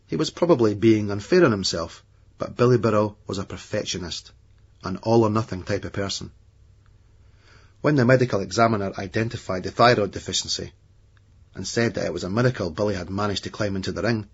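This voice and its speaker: A man reading a novel aloud as a narrator, in a measured, matter-of-fact way. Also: on the low side, breathy edge. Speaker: audiobook narrator. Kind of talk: scripted narration. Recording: dull lo-fi remastered audiobook.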